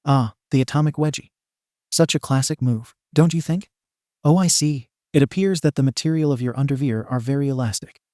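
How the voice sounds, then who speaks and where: A man's voice: mid-range voice, brisk, dark tone, dry recording, clean studio sound, lightly acted. A man voicing a mischievous teenage boy with cartoon powers in a storybook reading, theatrical and mocking.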